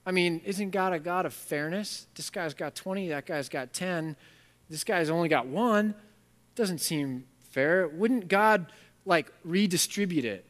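A man preaches a sermon in a high voice, animated and emphatic. He tells stories casually and leans hard on key words. His voice carries a long reverb in a hall. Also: unhurried. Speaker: pastor.

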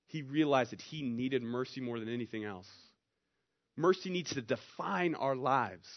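A man's voice: mid-range voice, moderate pace, lo-fi sound. A man preaching a sermon in a conversational, storytelling way, pushing up into emphatic rises. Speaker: pastor.

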